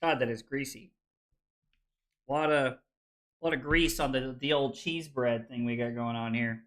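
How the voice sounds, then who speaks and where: A tipsy man streaming a card game, loud and joking, laughing often as he chats with viewers. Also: medium pitch, steady tone, unhurried. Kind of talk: rowdy livestream chat.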